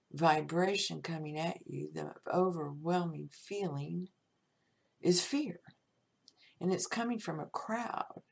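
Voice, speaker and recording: A woman hosting her own podcast, talking through life lessons in a plain-spoken, reflective monologue. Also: fairly low pitch. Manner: slow, gravelly, plain-spoken. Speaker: podcast host.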